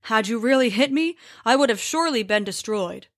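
A woman voicing a male giant who calmly explains his tricks in a storybook tale. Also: fairly high pitch, brisk, dry recording, clean studio sound. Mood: explaining. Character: huge cheerful male giant.

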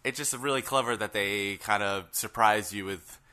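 A man co-hosting a laid-back podcast, his voice fairly low and bright with a tense edge. He rambles through his points with plenty of fillers and laughs easily as he talks. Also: normal speed, clear, resonant tone. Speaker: podcast co-host. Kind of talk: casual podcast chat.

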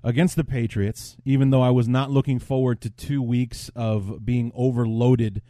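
Blunt man with a dark, dry voice. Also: mid-range voice, level tone, normal speed, no room sound. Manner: blunt, opinionated, thinks aloud. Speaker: podcast host. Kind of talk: casual podcast chat.

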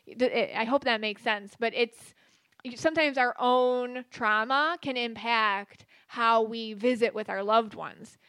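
A woman's voice: fairly high pitch, fairly even intonation, a little slow, a bit bright, clear, resonant tone, no room sound. A woman hosting a podcast, talking casually with many fillers and restarts. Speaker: podcast host and psychic medium. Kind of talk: casual spoken monologue.

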